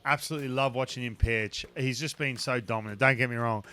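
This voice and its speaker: A man, a former pitcher hosting a casual podcast chat, talking in an animated, emphatic way. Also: fast, dry recording.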